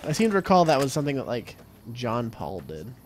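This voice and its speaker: A man's voice: medium pitch, huge pitch swings, fairly quick, darkish tone, a little hiss or hum. A man co-hosting a let's play, chatting casually and riffing jokily on trivia tangents. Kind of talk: casual gameplay commentary.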